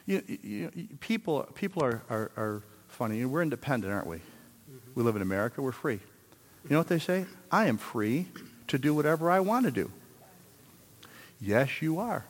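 A man in his sixties preaching a sermon in a church, telling a story and then building to loud, emphatic exhortation. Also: medium pitch, very animated, normal speed, long reverb tail. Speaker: pastor.

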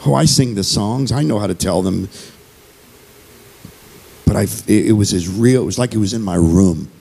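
A man's voice: on the low side, moderate pace, vocal fry, mellow, husky. A man giving an earnest, conversational sermon as a visiting speaker and singer, repeating phrases as he goes.

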